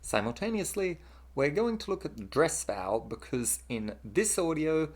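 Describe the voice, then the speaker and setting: Lively scripted lesson narrator. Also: medium pitch, normal speed.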